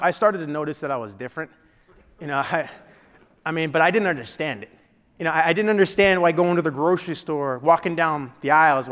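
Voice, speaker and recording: A man's voice: fairly high pitch, fairly bright tone. A man giving a motivational keynote speech, telling a personal story in a conversational way with frequent restarts. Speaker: keynote speaker. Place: large meeting hall. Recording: long hall reverb.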